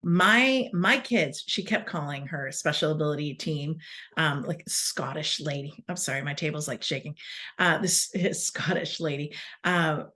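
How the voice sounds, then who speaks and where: A woman's voice: low voice, fairly even intonation, moderate pace, fairly bright tone. A woman in her forties telling casual stories. She rambles, laughs mid-sentence and breaks off into asides. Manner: self-correcting restarts and asides. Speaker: wellness speaker. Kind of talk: casual storytelling.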